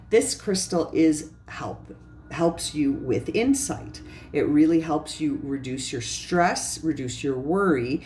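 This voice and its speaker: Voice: mid-range voice, a little mellow, reverberant, slight background noise. Earnest tarot reader asking rhetorical questions. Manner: earnest, repetitive, addresses viewer directly with rhetorical questions. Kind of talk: pick-a-pile tarot reading.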